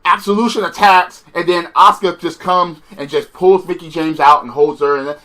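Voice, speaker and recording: Brief: high-voiced, bright-toned man, sarcastic and cursing, ranting a wrestling review. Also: moderate pace, hardly any pauses. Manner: profane, exasperated and sarcastic.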